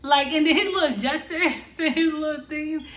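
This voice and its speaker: A woman's voice: sits high, steady tone, normal speed, fairly bright tone. A woman co-hosting a casual reality-show recap, laughing often and talking straight to the viewers. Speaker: co-host of a couple's reaction channel. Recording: echoey room.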